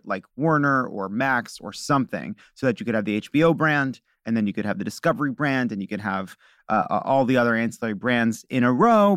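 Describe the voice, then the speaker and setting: A man hosting a podcast, delivering a loud, mock-furious comic rant full of swearing. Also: medium pitch, no room sound, clean studio sound. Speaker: podcast host.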